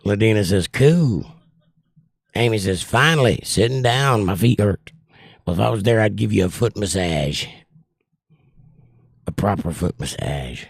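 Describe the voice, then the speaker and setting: Gravelly, breathless man chatting on a livestream. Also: fairly low pitch, lively intonation, unhurried, pauses often, dry recording, clean studio sound. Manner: reads viewer comments aloud and jokes back. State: short of breath, voice strained. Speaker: livestream host reading chat. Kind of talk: casual chat.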